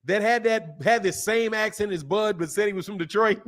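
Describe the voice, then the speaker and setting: This boxing channel host is animated and opinionated, laughing often as he casually responds to his chat. His voice sits high, and he talks at a normal speed.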